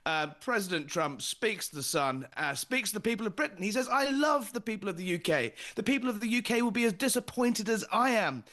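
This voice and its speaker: A male political journalist with a fairly high voice talks briskly and emphatically. He relays quotes in an energetic news-talk style, pressing each point home. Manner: brisk, emphatic, quoting his interview. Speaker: political journalist and show host.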